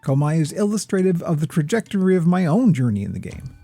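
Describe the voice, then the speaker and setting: A man hosting a gaming video, giving measured, somewhat pretentious scripted narration. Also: a little high, big pitch swings, creaky, dark tone, soft background music. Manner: measured, lofty, a little pretentious.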